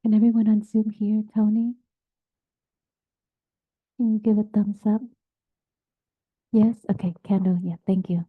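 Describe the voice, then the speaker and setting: A woman meditation teacher giving a dharma talk in a gentle, halting way, often dropping to a near-whisper. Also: mid-range voice, level tone, no echo. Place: meditation group session, also on video call. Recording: tinny phone-like sound.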